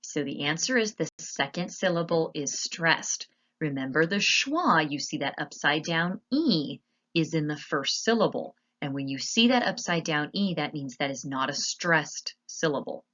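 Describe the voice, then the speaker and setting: Low-pitched lady teacher talking through slides, patient, slightly muffled audio. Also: expressive, fairly bright tone. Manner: patient, explanatory, spells words out slowly. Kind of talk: slide lesson narration.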